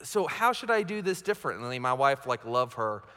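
A man's voice: medium pitch, sing-song, normal speed, pushed and bright. A man preaching a sermon as pastor, conversational and self-mocking, often checking in with his listeners. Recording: long hall reverb.

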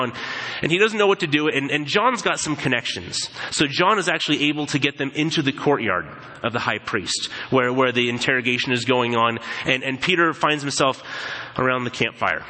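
A man preaching a sermon, retelling a story in an animated way and acting out what people say. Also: medium pitch, a little fast, big-room sound, low-quality recording. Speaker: pastor.

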